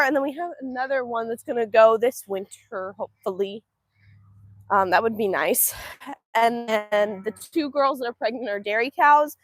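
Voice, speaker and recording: Lively high-voiced woman chatting outdoors. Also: no room sound, studio quality. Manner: chatty, laughs often, answers chat on the fly. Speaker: homestead livestream host. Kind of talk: casual livestream chat. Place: outdoors on a farm. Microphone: phone livestream.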